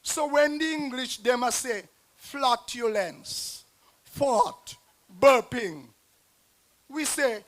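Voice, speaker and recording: A man with a Nevisian Creole accent performing a rhyming dialect poem as a guest poet, with a rhythmic delivery and dramatic swings in loudness. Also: extremely high pitch, drawn-out words. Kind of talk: performance poetry recital. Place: outdoor stage at a festival square.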